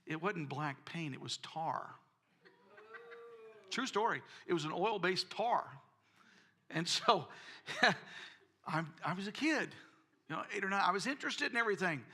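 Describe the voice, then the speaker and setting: A man's voice: high-pitched, sharp tone. A man preaching a sermon, telling folksy personal stories and often repeating words. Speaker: pastor.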